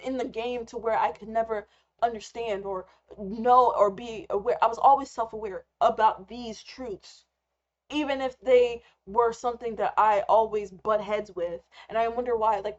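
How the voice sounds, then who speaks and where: A young woman rambling candidly in an unscripted live rant as a trader, swearing freely. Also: medium pitch. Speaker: trader and vlogger. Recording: slightly muffled lo-fi recording.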